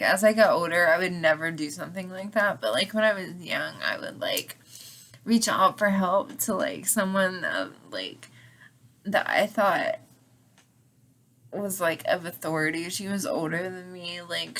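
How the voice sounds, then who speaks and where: A woman's voice: on the low side, a bit bright, a little hiss or hum. A young woman rambling through a personal story, packed with "like", swearing freely and sometimes dropping almost to a whisper. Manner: rambling, lots of "like", swears freely, drops to near-whispers at times. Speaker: channel host telling a story. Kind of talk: casual storytelling vlog.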